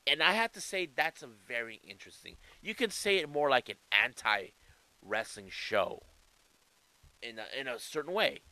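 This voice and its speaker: A man's voice: mid-range voice, animated, moderate pace, bright, forceful tone, rough recording. A man giving casual wrestling news commentary in a chatty way, often restarting and adding asides.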